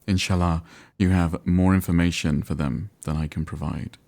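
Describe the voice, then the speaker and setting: A man reading out a grieving mother's messages in a deep voice, with formal, pleading phrasing. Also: steady tone, moderate pace, a little mellow.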